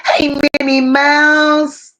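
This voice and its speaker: A woman with a high, level voice hosts a casual livestream. She greets viewers one at a time with warm, drawn-out hellos and reads their chat messages aloud.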